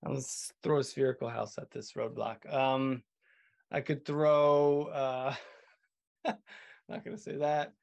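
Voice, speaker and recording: A man co-hosting a podcast over a video call, chatting casually and halting often with filler sounds. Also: medium pitch, level tone, vocal fry, a little mellow. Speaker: podcast co-host. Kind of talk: casual chat.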